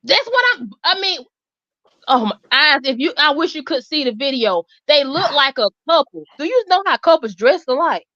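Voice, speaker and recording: A woman, hosting and telling a story in an animated, emphatic way. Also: sits high, normal speed, no echo. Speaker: host. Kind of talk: casual storytelling chat. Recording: dull lo-fi sound.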